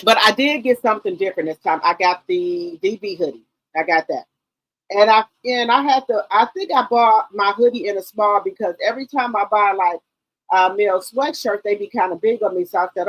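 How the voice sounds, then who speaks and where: Relaxed woman hosting a live stream. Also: medium pitch, fairly quick, dry recording, low-quality recording. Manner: greets viewers one by one with repeated hellos; relaxed, rambling, with many ums. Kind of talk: casual live-stream chat.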